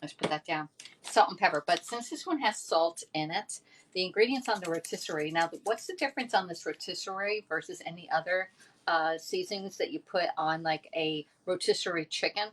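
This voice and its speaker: A woman's voice: lowish voice, brisk. Chatty woman hosting a cooking demo. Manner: chatty, rambling, laughs at herself. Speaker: home cooking host. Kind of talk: casual cooking demo chat.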